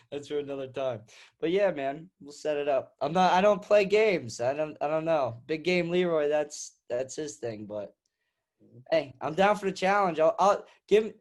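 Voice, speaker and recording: A young wrestler chatting loosely with a relaxed, easygoing manner. His voice sits a bit high for a man, and he drifts into laughter as he tells stories. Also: unhurried. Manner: laid-back, laughing storyteller. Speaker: wrestler guest. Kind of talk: casual interview chat.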